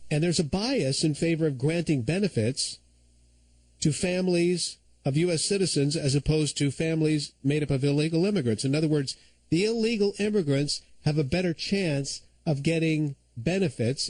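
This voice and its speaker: A man's voice: fairly high pitch, darkish tone, dry recording, rough recording. Guy hosting talk radio, opinionated and chatty, dry close studio mic. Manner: opinionated, conversational storytelling. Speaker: radio talk show fill-in host.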